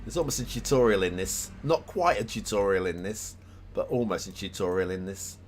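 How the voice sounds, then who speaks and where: On a live stream, a man goes over game maps while chatting casually, full of ums, false starts, and frequent self-deprecating chuckles. His voice sits on the low side and moves a little fast, with a touch of hiss or hum in the audio.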